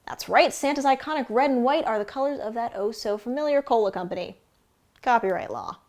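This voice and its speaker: A teenage girl presenting a scripted comedy segment, narrating with dry, sarcastic asides. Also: on the high side. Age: teens.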